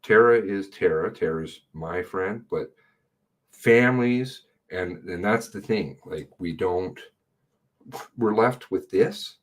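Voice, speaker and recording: Low husky blunt male commentator. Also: slow. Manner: blunt, sarcastic, swears freely. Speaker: livestream commentator. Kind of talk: casual running commentary.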